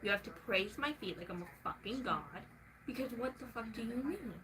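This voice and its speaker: Young woman venting on her vlog, cusses a lot, kinda high voice, bit of background noise. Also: measured pace, poor audio. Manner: expressive, profane, swings from soft to shouting. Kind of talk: casual vlog rant.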